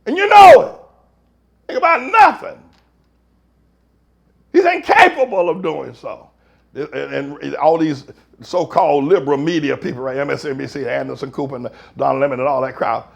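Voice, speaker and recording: Preacher guy going off, loud then quiet, slangy, really high and lively pitch. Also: moderate pace, vocal fry, long pauses. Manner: loud, heated, swings between shouting and muttering; folksy, slangy. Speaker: pastor. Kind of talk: fiery preaching rant.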